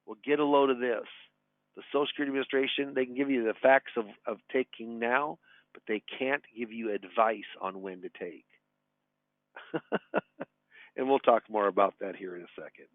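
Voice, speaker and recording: A man's voice: medium pitch, normal speed, long pauses, dry recording. Chatty guy in his 60s teaching a webinar, tinny phone-ish audio, dead dry. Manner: folksy, chatty, tells anecdotes and chuckles. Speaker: retirement advisor. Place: his office.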